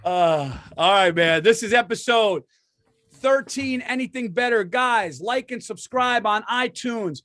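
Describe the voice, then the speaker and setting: A man's voice: high-pitched, unhurried, fairly bright tone. A man co-hosting a comedy podcast, chatting casually, agreeing and plugging his shows. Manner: agreeable, plugging tour dates. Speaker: podcast co-host.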